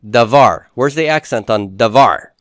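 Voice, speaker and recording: A man's voice: mid-range voice, lively intonation, a little slow, dry recording, studio quality. A man teaching a Hebrew grammar class, explaining step by step and putting questions to the class before answering them himself. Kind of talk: classroom lecture.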